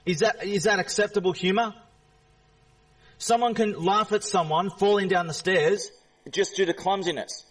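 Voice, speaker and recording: A man's voice: high-pitched, steady tone, normal speed, far from the mic, rough recording. A man in an angry, confrontational rant at a chat viewer during a live stream, repeating himself and swearing.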